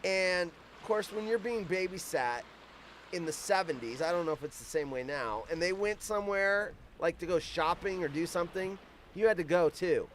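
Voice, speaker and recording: This high-pitched, somewhat bright male voice has slight background noise behind it. The man, in his fifties, hosts an informal live stream outdoors on vacation, swearing freely and rambling from one tangent to the next.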